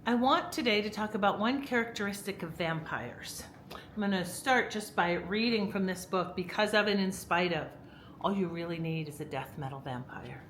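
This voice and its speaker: A woman's voice: mid-range voice, normal speed, a bit bright, slight background noise, rough recording. A woman vlogging at home in a casual, rambling storytelling style, with lots of fillers and restarts. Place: at home, indoors.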